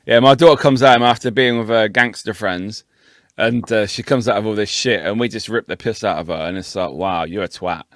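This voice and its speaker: A man's voice: lowish voice, fairly quick, a bit bright, no echo, studio quality. A middle-aged father co-hosting a podcast, laughing often and joking crudely. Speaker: podcast co-host. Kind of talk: casual banter.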